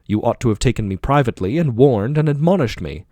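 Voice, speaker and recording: A man's voice: medium pitch, expressive, fast talker, mellow, no echo, lightly acted. A man reading the part of an aging male philosopher defending himself in court, with probing, rhetorical questioning. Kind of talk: audiobook dialogue reading.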